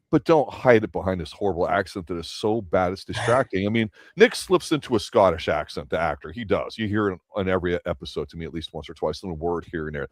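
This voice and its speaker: A man's voice: low voice, dry recording, clean studio sound. A male host reviewing a TV episode in casual chat, opinionated and ranting animatedly. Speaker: show host.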